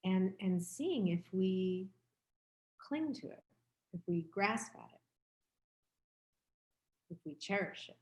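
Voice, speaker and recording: A meditation teacher in her fifties gives a dharma talk in a candid, reflective, conversational way. Her voice is mid-range and slow, with frequent pauses. The recording has a roomy echo.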